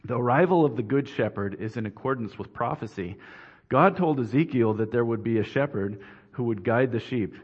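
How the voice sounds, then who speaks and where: A man's voice: medium pitch, slightly rough. Male preacher in a reverberant hall. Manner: measured, earnest expository preaching. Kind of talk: sermon. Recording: dull, reverberant hall recording.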